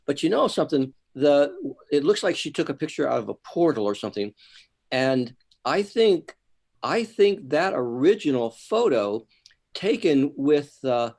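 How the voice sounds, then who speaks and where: A man in a photography club talk, giving feedback in a halting way, repeating words as he goes. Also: a little high, very animated, vocal fry, a little mellow. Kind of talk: casual club discussion. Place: online club meeting.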